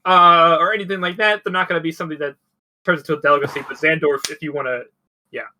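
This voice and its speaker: A no-nonsense woman scientist leading an expedition, as a man voices her in a tabletop game. The voice is bright and fairly high, and the delivery is plain and reassuring. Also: fairly even intonation, fast, slight background noise. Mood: matter-of-fact.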